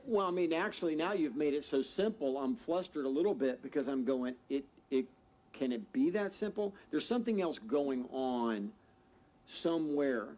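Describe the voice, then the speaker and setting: Mellow guy hosting a panel, keeps stammering and restarting mid-thought. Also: fairly high pitch, lively intonation, moderate pace, poor audio. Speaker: panel host. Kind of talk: casual panel talk.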